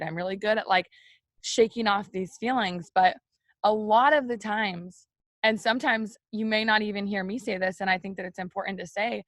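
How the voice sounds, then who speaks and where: A woman talking straight to her viewers in a casual, heartfelt morning video. Her voice has a gravelly vocal fry, and the sound is dry and close with no room echo. She fills her talk with "like" and "you know" as she confides. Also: medium pitch. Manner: open, confiding, many "like" and "you know" fillers. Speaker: host of a morning live video for women.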